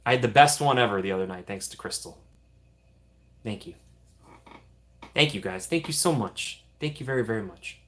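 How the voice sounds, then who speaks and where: Here a man with a fairly low pitch, lively intonation, and a slightly bright sound hosts a casual stream. He gratefully reads out each donation, rattling off repeated thanks and laughing frequently.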